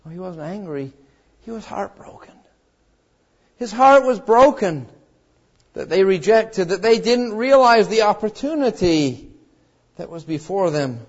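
A high-pitched man preaches with strong feeling. He rises to loud cries, then drops to hushed, low lines. The recording sounds dull and lo-fi. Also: very animated, a little slow. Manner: emotional, swings between loud cries and hushed low tones; acts out quoted voices in the story. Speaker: pastor. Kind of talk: sermon.

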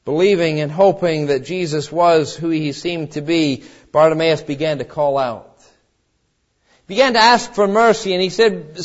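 A man's voice: high-pitched, expressive, normal speed. A man preaching a sermon, retelling a Bible story in an earnest way and swelling with fervor as he appeals to the listener. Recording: dull lo-fi recording.

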